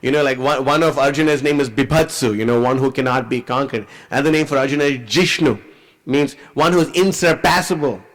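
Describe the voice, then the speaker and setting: A man preacher telling a scripture story in an animated, conversational way, full of "you know.". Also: mid-range voice, fairly quick, poor audio. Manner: animated, conversational, many fillers.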